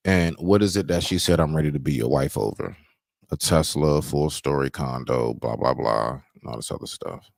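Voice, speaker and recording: A man's voice: very deep voice, creaky, a little mellow, no echo, studio quality. A man hosting a live stream, reacting to clips with blunt, scolding, slangy commentary.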